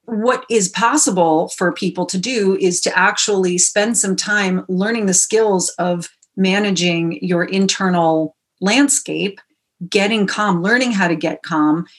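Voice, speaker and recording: A woman parenting coach, a podcast guest, explaining her ideas in an earnest, measured conversational way. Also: on the low side, husky. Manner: earnest, explanatory, uses sports analogies.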